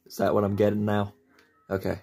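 A man's voice: lowish voice, monotone, a little fast, darkish tone, soft background music. A man giving playful, joking commentary while playing a video game. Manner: playful, jokey, talks to himself while playing. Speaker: gameplay commentator. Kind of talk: let's play commentary.

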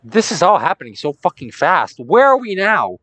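A young woman doing let's play commentary, brash, excitable and swearing often. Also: fairly low pitch, normal speed, no room sound. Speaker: gaming commentator.

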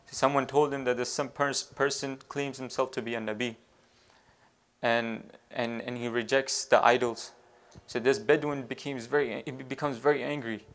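Halting male preacher telling a story. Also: mid-range voice, little pitch movement, a bit bright. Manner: halting, with many fillers and restarts, weaving in devotional phrases. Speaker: Islamic preacher. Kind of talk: storytelling sermon.

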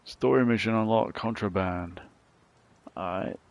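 A man giving casual let's play commentary, thinking out loud about the game as he plays. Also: lowish voice, a little slow. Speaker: gaming channel host.

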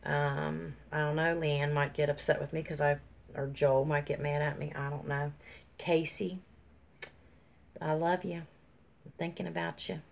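Slow rambling woman with a drawl. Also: level tone, creaky. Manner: rambling, warm and folksy, many ums; high sing-song baby talk to her dog. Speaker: YouTube vlogger. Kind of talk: casual chatty shout-outs to viewers. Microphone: phone.

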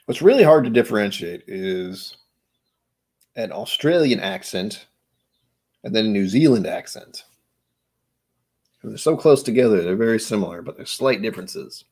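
A man with a fairly low voice hosts a casual chat, and his pitch swings up and down as he talks. He rambles, pokes fun at himself and slips into silly accent bits. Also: lively intonation, moderate pace, pauses often, darkish tone, slightly rough. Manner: rambling, self-mocking, breaks into joke accents. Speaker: host.

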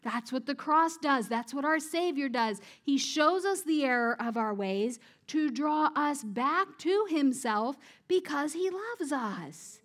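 A woman with a high-pitched voice delivers a sermon. She speaks informally, turns questions back to her listeners, and laughs easily at her own jokes. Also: expressive, slow pace, hardly any pauses, a bit bright. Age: adult parent. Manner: conversational, asks the audience questions. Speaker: preacher.

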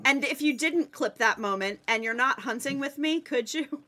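A woman streaming a game live, commenting excitedly to her chat and teammates. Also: sits high, normal speed, background noise.

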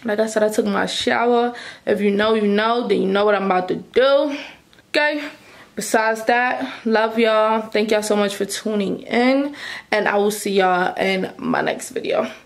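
A young woman talking casually to her viewers in a vlog, chatty and animated as she recounts her day. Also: medium pitch, normal speed, creaky. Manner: chatty, addresses viewers as y'all. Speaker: vlogger.

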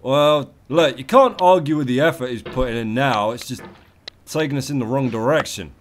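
A man doing comedic let's play commentary, profane and theatrical, yelling at the game and its maker. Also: medium pitch, moderate pace, a little hiss or hum.

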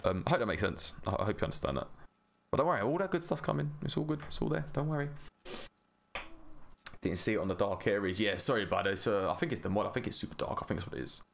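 A man's voice: lowish voice, quick pace, creaky, fairly bright tone, a little hiss or hum. A man rambling and chatting with an easy laugh while he gives casual gameplay commentary as a gaming YouTuber.

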